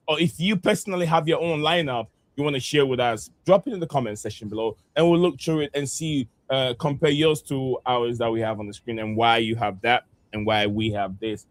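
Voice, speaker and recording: Football stream host guy, talks to chat, lots of uh's, kinda halting. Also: medium pitch. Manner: hesitant, many "uh" fillers, talks to the audience directly. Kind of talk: casual football chat with viewers.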